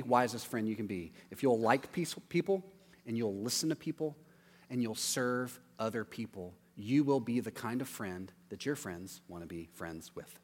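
A man in his thirties, a pastor giving a conversational sermon, acting out quotes with sudden loud yelps. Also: medium pitch. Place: church auditorium. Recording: long hall reverb, faint music.

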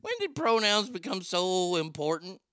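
A man's voice: high-pitched, sing-song, normal speed, bright, forceful tone, a little hiss or hum. A man hosting a comedy show, talking casually in a sarcastic, profane, rambling way. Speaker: host.

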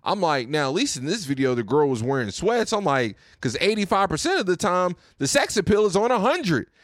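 A man's voice: high voice, very animated, brisk, no echo, clean studio sound. A young man hosting his own podcast, ranting casually and profanely, often repeating himself. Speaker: podcast host. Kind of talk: casual rant.

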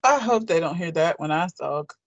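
A person from Alabama chatting casually in a relaxed, measured way. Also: medium pitch, no room sound, lo-fi sound. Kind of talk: casual chat.

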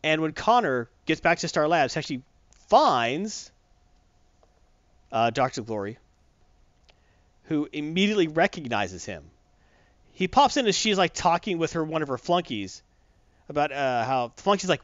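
A man casually retelling a comic book story, acting out lines in quick voices. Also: a little high, big pitch swings, dry recording, highs cut off. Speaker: comic recap host.

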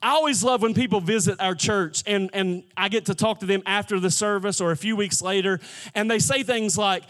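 High-voiced man preaching a sermon. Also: a little fast, a bit bright. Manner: conversational preaching with repeated restarts. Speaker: pastor. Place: church sanctuary.

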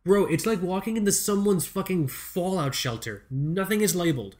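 A man's voice: high voice, expressive, moderate pace, darkish tone. An American man hosting a podcast, telling a rambling, profane, self-mocking comedic story. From United States. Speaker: podcast host.

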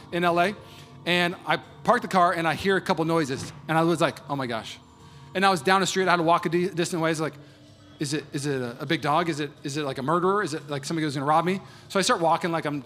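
A young man preaching a sermon in a church, telling stories with lively voices and many fillers. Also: on the high side. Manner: animated storytelling with voices and fillers. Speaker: pastor.

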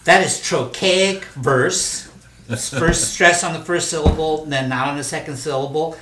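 An older man, a poet and teacher, talking casually in an animated, profane way and laughing often. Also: a little high, a little slow, distant mic. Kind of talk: casual conversation. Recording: echoey room, off-mic, faint noise.

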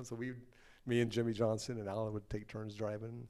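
A man's voice: mid-range voice, a little fast, hardly any pauses, clean tone. A man, a former touring band member, telling casual stories and acting out the people he quotes. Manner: animated anecdotes, acting out quoted voices. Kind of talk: casual storytelling.

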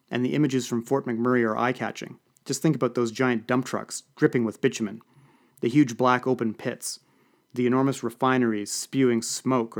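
A man's voice: medium pitch, natural voice. A man voicing a confident, gossipy woman lobbyist who hosts a party. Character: woman lobbyist party host, knowing and chatty.

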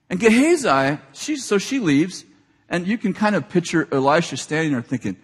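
A man preaching a sermon. He retells scripture in everyday speech and builds to shouted, excited appeals. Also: a little high, a little fast, breathy edge. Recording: long hall reverb.

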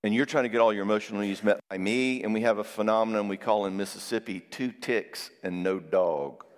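A man giving a Christian marriage seminar. He talks in a conversational way, tags his points with "all right?" and tells lively personal stories. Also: lowish voice, a little fast. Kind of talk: live seminar talk to an audience. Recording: long reverb in a large hall.

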